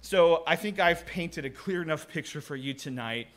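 Guy preaching a sermon, bright voice, pitched kinda high, chatty and full of questions. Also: normal speed. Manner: conversational, rhetorical questions, acts out voices.

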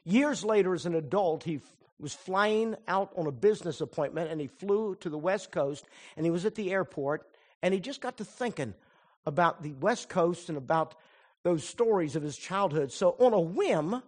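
A man preaching a sermon, telling a story in a lively way and turning soft and earnest when he draws the lesson. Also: high-pitched, normal speed. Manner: animated storyteller who acts out quoted voices; drops to a soft, earnest tone for the application. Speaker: pastor.

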